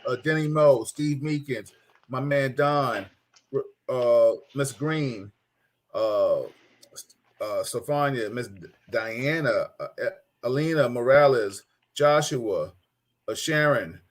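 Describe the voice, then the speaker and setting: A man's voice: medium pitch, takes it slowly. A middle-aged man hosting a casual talk show, telling stories animatedly, laughing and mimicking people. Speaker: host.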